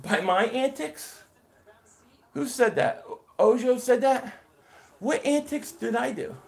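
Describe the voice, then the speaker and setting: High-voiced man calling a game live. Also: slow pace, gravelly. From Philadelphia area. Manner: excited play-by-play calling, reading and answering chat. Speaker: live stream host. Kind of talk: live game reaction stream.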